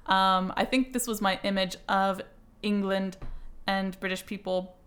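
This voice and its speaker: A woman's voice: mid-range voice, little pitch movement, a little slow, a bit bright. An American woman chatting casually as a guest, laughing often and filling her talk with "like". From United States. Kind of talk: casual chat.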